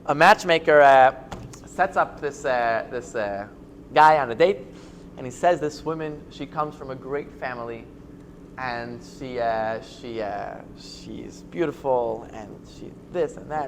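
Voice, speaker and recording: A man, a rabbi, teaching an informal Torah class, talking in a halting way with many fillers and restarts and joking along the way. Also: medium pitch, expressive, background noise.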